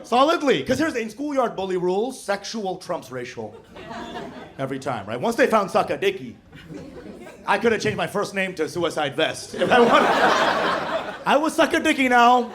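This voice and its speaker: On a comedy club stage, a brash Texan man with a high voice that swings widely in pitch does stand-up at a normal pace, bantering with the crowd. He puts on voices when quoting people, and loud audience laughter rings out behind him.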